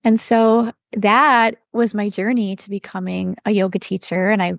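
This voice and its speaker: Middle-aged woman with a gravelly voice. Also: mid-range voice, little pitch movement, moderate pace, no room sound, clean studio sound. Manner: earnest and reflective, recounting turning points. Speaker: podcast guest, yoga teacher. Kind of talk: personal storytelling.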